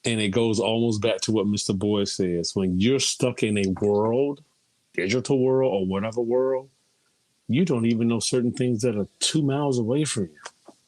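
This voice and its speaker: Here a middle-aged man swaps stories in a casual group conversation, frequently repeating people's words. His voice sits at medium pitch with a darkish tone, and he talks at a moderate pace.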